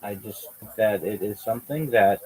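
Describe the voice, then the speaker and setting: A man's voice: lowish voice, moderate pace, a little mellow, low-quality recording. A man hosting a livestream in casual chat, swearing and using slang as he rambles. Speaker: livestream host.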